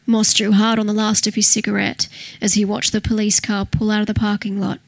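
A woman reading a crime novel aloud in steady, scripted narration. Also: mid-range voice, a little fast, vocal fry, dry recording. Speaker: audiobook narrator.

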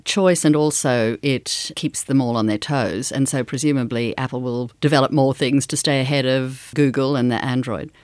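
A man's voice: medium pitch, steady tone, moderate pace, few pauses, no room sound, studio quality. A man interviewing a guest on a radio program, asking short prompting questions.

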